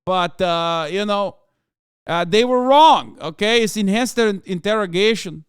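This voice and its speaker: A man's voice: high voice, clear, resonant tone, no echo, studio quality, pitched above the performer's own voice. A man putting on a mock Brazilian accent to play a smug grandson brushing off his grandfather's crimes. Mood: smug, dismissive. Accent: put-on Brazilian. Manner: dismissive, mocking, drawn-out. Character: smug male grandson defending a torturer grandfather.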